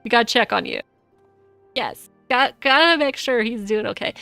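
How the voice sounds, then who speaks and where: Chatty bright-voiced woman streamer. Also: fairly high pitch, normal speed, dry recording, soft background music. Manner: chatty, lots of 'like', excitable. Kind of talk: casual gameplay commentary.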